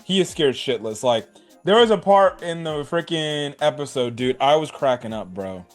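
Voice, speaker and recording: A man's voice: fairly high pitch, lively intonation, moderate pace, soft background music. A man casually recapping an anime episode in a slangy, rambling way, filling his talk with "like", "bro" and "right". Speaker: anime reviewer.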